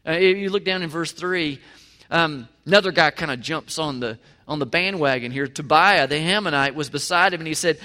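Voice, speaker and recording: A man's voice: on the high side, a little fast, sharp tone. A man preaching a sermon in a church, talking conversationally and with emphasis, often asking the listeners questions. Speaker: pastor. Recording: long reverb of a large hall.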